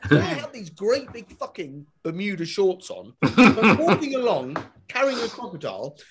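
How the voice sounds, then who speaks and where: A man doing a stand-up comedy routine, swinging between loud punchlines and muttered asides. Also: high voice, big pitch swings, normal speed, a crowd in the background. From Britain. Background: audience laughter.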